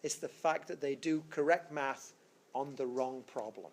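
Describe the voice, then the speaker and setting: A man's voice: medium pitch, a little slow. A man lecturing a physics class in a rambling way, full of fillers and restarts. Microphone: screencast recording.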